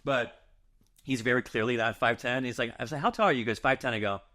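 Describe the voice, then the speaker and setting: A man's voice: mid-range voice, fairly even intonation, quick pace, pushed and bright. A man hosting a podcast, chatting casually with a guest in a playful, teasing way and laughing often. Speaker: podcast host. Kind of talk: casual interview chat.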